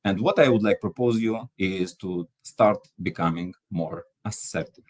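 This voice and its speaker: Husky low-voiced man giving a training talk. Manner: explanatory, pauses with fillers. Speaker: workshop speaker.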